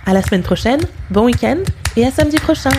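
Woman, French accent, native French speaker, podcast teacher, clear deliberate delivery. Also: a little high, expressive, background noise. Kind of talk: podcast language lesson.

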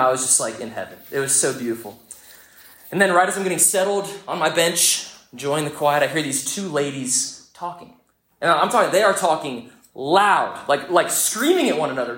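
A young man preaching a sermon, telling a story in a lively, conversational way. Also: on the high side. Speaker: pastor. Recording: echoey church room.

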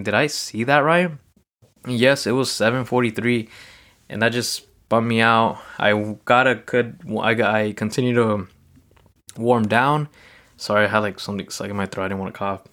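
A man with a smooth, clear voice at an ordinary middle pitch talks through a personal story on his own. He rambles casually and loosely and leans on everyday fillers. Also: fairly bright tone. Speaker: podcast host. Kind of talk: casual solo recap monologue.

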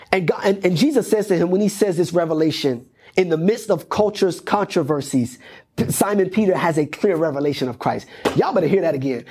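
Husky-voiced pastor preaching. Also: male voice, sits high, lively intonation, moderate pace, a little mellow. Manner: repetitive, emphatic preaching cadence. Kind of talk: sermon. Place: church.

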